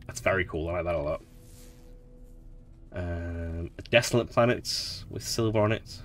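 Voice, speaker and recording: A man hosting a relaxed let's play, chatting in a rambling way while he explores a game and laughs often. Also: low-pitched, normal speed, pauses often. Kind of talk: relaxed gameplay commentary.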